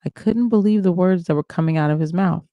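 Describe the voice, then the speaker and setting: A livestream host reading a memoir aloud in the first person, pausing for asides to the listeners. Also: mid-range voice, dark tone, no echo, lo-fi sound. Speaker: reader of a book on a livestream.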